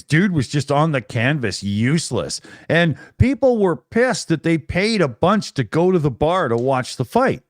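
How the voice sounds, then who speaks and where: A middle-aged Canadian man with a slightly high voice co-hosts a casual chat, telling animated stories full of laughter and swearing. The recording is dry, with clean studio sound.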